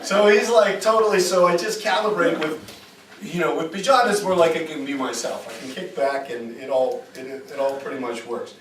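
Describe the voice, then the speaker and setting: A man with a fairly high voice gives an informal lecture at a group retreat, mixing stories with points and asking "right?" often. He is captured from a distance in an echoey room with faint hiss underneath. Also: moderate pace. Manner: animated, chatty, rhetorical "right?".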